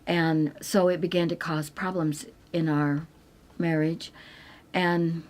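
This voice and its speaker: A middle-aged woman sharing a personal faith testimony, earnest and tender, and sometimes dropping to a soft whisper. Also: deep voice, little pitch movement, slow. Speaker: Christian speaker sharing her testimony.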